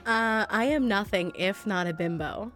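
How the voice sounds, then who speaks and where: A woman's voice: mid-range voice, unhurried, fairly bright tone, faint music behind. A woman co-hosting a casual podcast, bubbly and giggling often between lines. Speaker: podcast co-host. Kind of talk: casual chat, party game.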